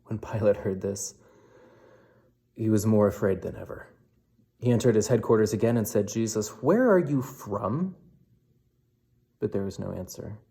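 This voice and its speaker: A man giving a measured, solemn scripture reading for a worship service. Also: fairly low pitch, little pitch movement, gravelly, dark tone. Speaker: scripture reader.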